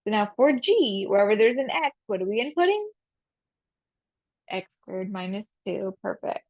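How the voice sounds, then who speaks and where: A woman's voice: medium pitch, no echo, highs cut off. A woman math teacher in a recorded video lesson, talking through each step aloud, asking and answering her own questions and repeating key phrases.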